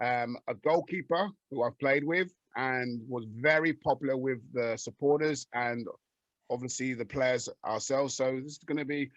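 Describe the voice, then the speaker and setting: A man co-hosting a podcast, telling stories in an animated way with stumbling restarts. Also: mid-range voice, no echo, highs cut off. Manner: animated storyteller, stammering restarts. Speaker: podcast co-host. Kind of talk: casual podcast chat.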